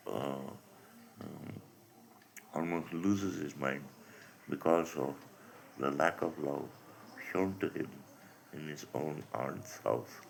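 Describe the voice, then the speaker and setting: A man reading a story aloud as a teacher, halting, restarting, and stopping to explain it. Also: very deep voice, gravelly, slight background noise, rough recording.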